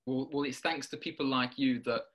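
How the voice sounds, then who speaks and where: A man's voice: medium pitch, fairly even intonation, a little fast, a bit bright. A man interviewing a guest, often repeating words as he restarts and chuckling between questions. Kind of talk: warm-up interview chat.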